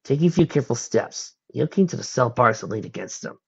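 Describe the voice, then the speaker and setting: A man reads fan fiction aloud with a husky voice and a lively rise and fall in his pitch. His reading is plain, with some slips, on a dull, lo-fi recording. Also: fast. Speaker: audiobook reader.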